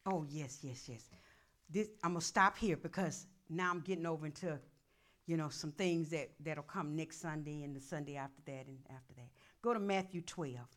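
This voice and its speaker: A woman pastor, preaching a sermon that swings from murmured prayer to loud calls. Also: low voice, moderate pace.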